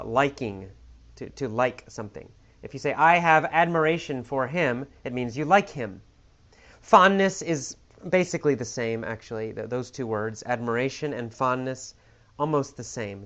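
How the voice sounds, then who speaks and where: A man teaching English vocabulary, explaining words slowly and patiently with many examples and restatements. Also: medium pitch. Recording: slightly dull lo-fi audio.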